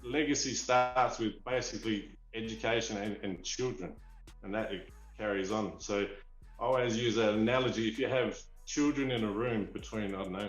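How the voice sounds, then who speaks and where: A man's voice: lowish voice, roomy sound, low-quality recording. A man from Australia with an Australian accent, a collector telling rambling, eager stories in a casual interview. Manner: eager, rambling, restarts often. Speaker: figurine collector, guest.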